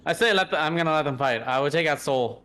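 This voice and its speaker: A man's voice: fairly high pitch, quick pace, sharp tone, faint music behind. Chatty young man playing a tabletop game. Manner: casual, chatty, thinks aloud with fillers. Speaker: player.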